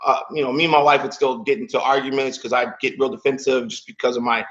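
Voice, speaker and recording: A man's voice: mid-range voice, level tone, quick pace, a bit bright, muffled recording, slight background noise. A man in his thirties, a podcast guest, telling a personal story in a casual, emotional way, with "man" and "like" in almost every line. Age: 30s.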